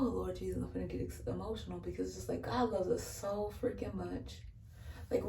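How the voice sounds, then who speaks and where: A young adult woman vlogger sharing a casual faith testimony while getting ready, earnest and chatty, with lots of "you know" and quick laughs. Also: medium pitch, darkish tone, a little hiss or hum. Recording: roomy sound from a mic some distance away.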